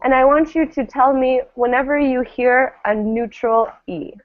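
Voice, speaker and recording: A fairly high-voiced woman leads a pronunciation class at an unhurried pace, stretching out each word so students can repeat it. Her voice comes through thin and tinny, like a phone line. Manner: slow, patient, models words for repetition. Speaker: English pronunciation teacher.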